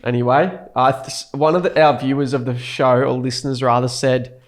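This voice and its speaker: Young aussie guy, mid-pitched voice, jokey podcast banter and show plugs. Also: fairly even intonation, moderate pace. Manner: chatty, jokey, plugs the show with cheeky asides. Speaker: podcast co-host. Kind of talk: casual chat.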